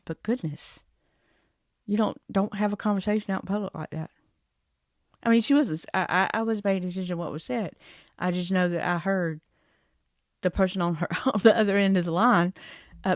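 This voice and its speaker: A woman's voice: lowish voice, no room sound, studio quality. A woman ranting casually to her camera in a vlog, chatty and exasperated, rambling with asides. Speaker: vlogger.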